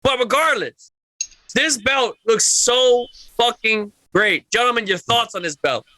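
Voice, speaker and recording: A man hosting a casual wrestling podcast, loud and profane, yelling with excitement, his throat a bit sore. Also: very high-pitched, a little slow, no room sound. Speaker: podcast host.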